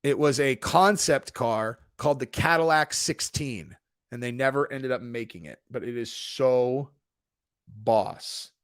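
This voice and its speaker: Hosting a casual live-chat stream from home in Texas, this man speaks in a clear, resonant, fairly bright mid-range voice at an unhurried pace. He's relaxed and profane and uses "dude" constantly. The close, dry recording has no room sound.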